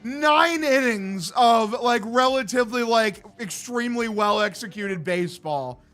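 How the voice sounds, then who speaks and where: Male streamer, high and lively, sarcastic ranter with faint music under him. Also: unhurried. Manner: sarcastic, laughing, swearing, shouts in bursts. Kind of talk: live-stream reaction rant.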